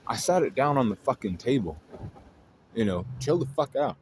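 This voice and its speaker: A man with a fairly low voice delivers a casual, exasperated rant, full of blunt profanity. He sounds fed up as he talks it through. The recording carries a steady hiss of background noise. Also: brisk. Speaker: astrology video host. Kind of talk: casual ranting monologue. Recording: noisy home recording.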